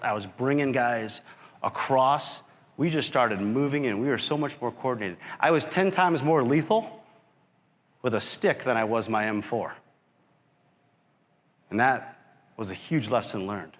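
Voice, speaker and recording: Animated male speaker in a reverberant hall. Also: on the low side. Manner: animated storyteller who acts out quotes and shouts. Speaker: keynote speaker, company founder. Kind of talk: motivational storytelling talk. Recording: long reverb of a large hall.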